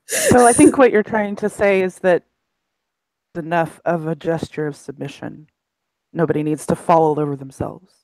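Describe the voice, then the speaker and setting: A woman's voice: low voice, moderate pace, darkish tone, no room sound, low-quality recording. A woman takes part in a tabletop role-playing game, describing what her character does and joking with the others. Her voice sounds dry and close, with no room around it. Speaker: player.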